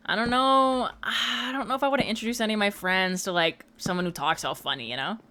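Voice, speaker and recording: A young woman in her mid-twenties talks loosely to her chat while she plays. Her voice sits at a middling pitch. She is chatty and fond of playful teasing. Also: fast, pushed and bright. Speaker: livestreamer. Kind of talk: casual chat while gaming.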